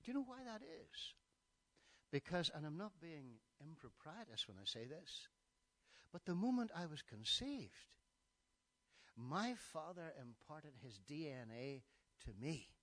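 A Northern Irish preacher in his sixties delivers a sermon in a high, ringing voice. He drops to a near-hush to tell a story, then climbs to loud, emphatic declarations. The tone stays bright and forceful throughout. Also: sing-song, measured pace, no echo. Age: 60s.

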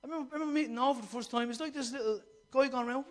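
A preacher delivers an impassioned, fervent sermon in a strikingly high voice and at a racing pace. He keeps putting questions to the congregation and slips into the voices of the people he quotes.

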